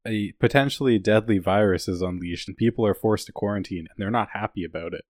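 A man's voice: lowish voice, fast, a little mellow, dry recording, clean studio sound. A young man co-hosting a podcast, recapping an episode in a joking, casual way with some swearing. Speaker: podcast co-host. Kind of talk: casual chat.

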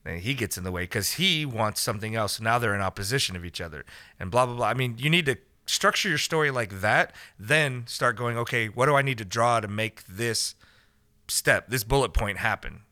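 Bright dry-miked joking podcast man. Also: medium pitch, animated, a little fast, no room sound. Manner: joking, explains ideas at length. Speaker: podcast co-host. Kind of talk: casual podcast banter.

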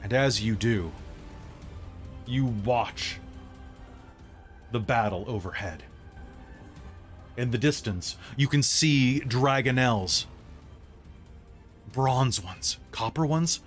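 A man running a live tabletop game as game master, narrating dramatically in short phrases. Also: mid-range voice.

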